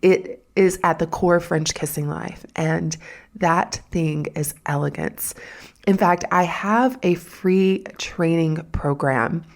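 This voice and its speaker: A woman hosting a podcast in chatty, upbeat talk, her voice hoarse and gravelly from being ill. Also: lowish voice, slow. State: hoarse from illness. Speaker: podcast host.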